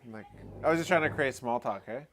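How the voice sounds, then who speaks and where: A man hosting a live talk stream, telling a story in a relaxed, rambling way full of fillers. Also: medium pitch, quick pace. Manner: relaxed, rambling, lots of fillers like "you know" and "eh". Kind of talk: casual storytelling chat.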